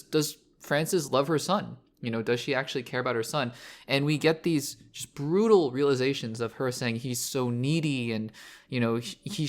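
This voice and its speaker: Guy podcast host rambling about a show, restarts a lot, earnest, regular pitch. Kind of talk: casual spoiler discussion.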